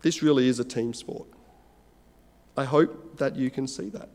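A man preaching a sermon in an earnest, measured way, pausing between phrases. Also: mid-range voice, a little mellow, big-room sound.

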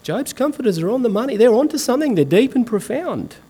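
A man putting on the voice of a smug male Bible commentator, raised and softened in mockery. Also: very high-pitched, sing-song, fast talker, slightly rough, voice pushed up, heavily acted.

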